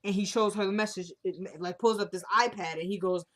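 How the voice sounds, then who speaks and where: A woman's voice: mid-range voice, steady tone, brisk, fairly bright tone. A woman in a casual vlog, chattily retelling a TV episode and acting out the characters' lines as she goes. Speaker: TV recap vlogger.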